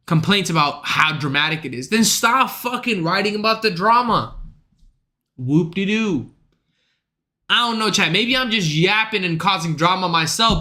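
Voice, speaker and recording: A young man with a high, pushed, bright voice rants on his livestream, addressing his chat in a casual, profane, slang-heavy way.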